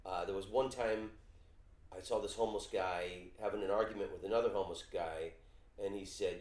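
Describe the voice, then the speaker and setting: Male podcast host, low voice, relaxed casual chat, echoey room. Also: a little fast. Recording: roomy echoey sound.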